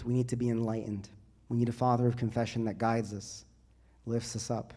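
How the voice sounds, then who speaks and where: Priest preaching with rising emphasis. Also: male voice, mid-range voice, flat delivery, fairly quick. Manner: builds to loud, rising emphasis in repeated phrases. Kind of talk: sermon to a youth group. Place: church.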